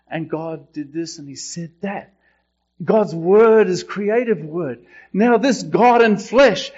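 A man preaches a sermon in a higher-pitched voice, taking his time and leaning hard on key phrases. He lifts his voice when quoting, and the recording sounds a little dull and lo-fi. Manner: slow, emphatic preaching with quotes rising in pitch. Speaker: pastor.

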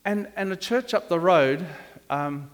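An older male pastor delivers a sermon, his voice pitched notably high for a man. He rambles, drifts into side stories and trips over restarts. The sound rings with long reverb in the church hall. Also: animated, unhurried. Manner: rambling, digressive, with frequent restarts.

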